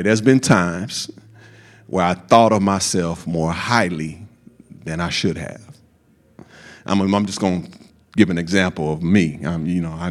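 A man preaching a sermon, slow and emphatic, with folksy asides to the congregation. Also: low voice.

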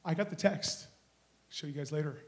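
A man preaching a charismatic sermon in a church, telling stories and swinging from hushed asides to loud exclamations. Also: a little high, normal speed. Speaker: guest preacher. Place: church sanctuary.

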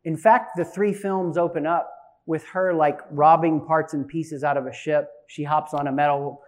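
A man in his forties preaching a sermon, an animated storyteller who swings from loud bursts to hushed asides. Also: on the high side, normal speed. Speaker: pastor.

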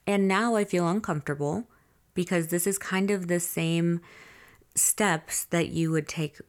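A woman's voice: lowish voice, measured pace. A woman hosting a confessional diary podcast, telling a personal story candidly and with swearing, speaking straight to her listeners. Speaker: podcast host.

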